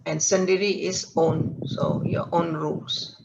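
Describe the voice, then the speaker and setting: A man's voice: fairly high pitch, little pitch movement, unhurried, gravelly. A man teaching a language lesson, patiently explaining words one at a time and checking in with the listener. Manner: patient, explains word by word with checks like "all right?". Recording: dull lo-fi recording with faint hiss.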